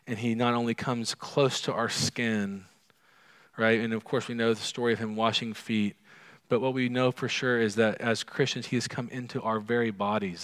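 Man preaching a sermon, loud then hushed. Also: on the low side. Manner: swings from loud and emphatic to quiet and hushed; conversational, asks the listeners questions. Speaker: pastor.

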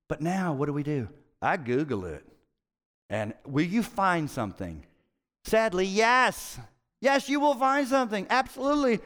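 A middle-aged man preaching a sermon as a pastor, telling stories in a conversational way, swinging between loud emphasis and hushed moments. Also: high voice, big-room sound.

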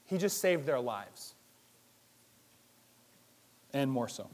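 A man preaching a sermon in a lively, conversational way, firing rhetorical questions and swinging between loud and hushed. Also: medium pitch, slow pace. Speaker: pastor.

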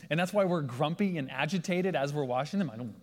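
A man preaching a sermon in a lively storytelling way, acting out the voices of the people in his stories. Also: a little high, fast talker. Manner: animated, acts out quoted voices. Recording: long hall reverb.

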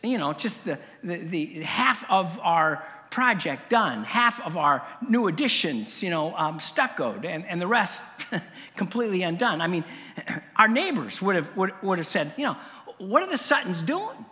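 A middle-aged man preaching a sermon as pastor, conversational, with fillers and frequent throat clearing. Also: high voice, expressive, a little slow, pushed and bright, long reverb tail.

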